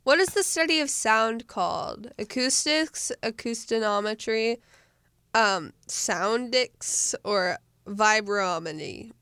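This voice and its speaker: A woman's voice: on the high side, takes it slowly, fairly bright tone, clean tone, dry recording. A teenage girl co-hosting a casual podcast, giggly as she reads out trivia questions in a radio studio. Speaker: co-host reading trivia questions.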